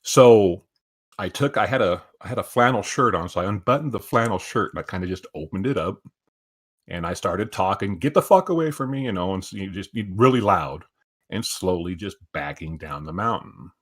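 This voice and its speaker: Man, 50s, lowish pitch, casual storyteller, swears a lot. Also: moderate pace, breathy edge. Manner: profane, animated storyteller. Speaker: stream co-host.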